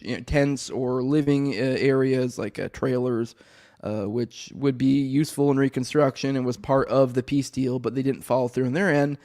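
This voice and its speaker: A man with a warm, mid-range voice hosts a casual news podcast, sounding choked up and a little rough. He reads articles aloud and then wanders into rambling commentary, full of restarts and offhand swearing.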